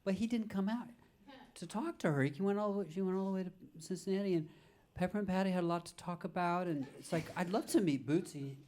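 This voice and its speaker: A man's voice: high voice, fast talker, a little mellow, slight background noise. Man, live podcast guest, rambling anecdotes, on stage. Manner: rambling anecdotal storytelling with frequent fillers. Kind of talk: live podcast chat, storytelling. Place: stage before a live audience.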